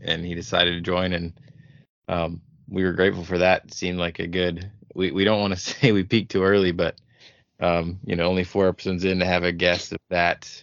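A man's voice: low-pitched, little pitch movement, fairly quick, fairly bright tone, no echo. A man being interviewed as a podcast guest, talking in a laid-back, rambling way full of fillers. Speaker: podcast guest, show creator. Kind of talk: casual podcast chat. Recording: dull lo-fi audio.

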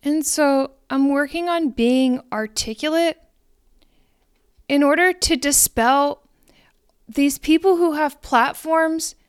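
A woman's voice: sits high, slow, no room sound, studio quality. A woman hosting a spiritual podcast, talking frankly and profanely in a rambling, self-questioning monologue. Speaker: podcast host.

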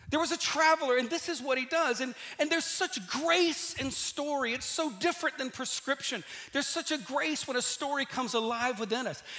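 A male pastor delivering a sermon, with a notably high voice and a bright, forceful edge to it. He tells the story in a lively way and turns to the listeners with questions between the scripture passages.

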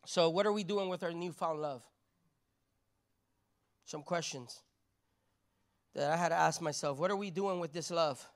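A woman's voice: fairly low pitch, unhurried, long pauses. Brief: woman preacher, chatty sermon delivery, stacks rhetorical questions, tags lines with "right?". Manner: conversational, keeps asking "right?".

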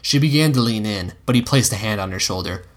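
A man narrating an audiobook in a measured storytelling manner. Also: fairly low pitch, animated.

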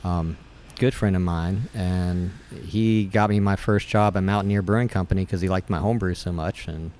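Middle-aged man, low voice, loose rambling storyteller, slight background hiss. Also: steady tone, normal speed, a little mellow. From West Virginia. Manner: rambling storyteller with many fillers and restarts. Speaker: brewer and guest. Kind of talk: casual conversation.

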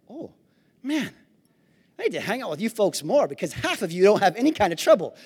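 A male pastor preaching a sermon to his congregation, swinging between shouted praise and easy conversational asides. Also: sits high, sing-song, a little fast, slightly rough. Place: church sanctuary. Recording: long hall reverb.

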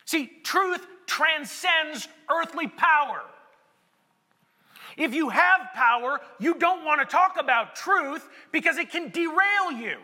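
High, bright-voiced male preacher. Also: animated, takes it slowly. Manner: conversational, building to emphatic shouts. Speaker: pastor. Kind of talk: sermon. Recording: echoey hall with long reverb.

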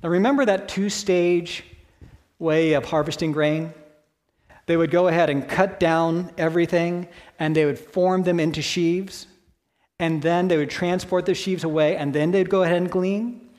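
A man's voice: fairly high pitch, steady tone, moderate pace, darkish tone. A man preaching a sermon in a church, explaining a Bible passage in a conversational way with rhetorical questions.

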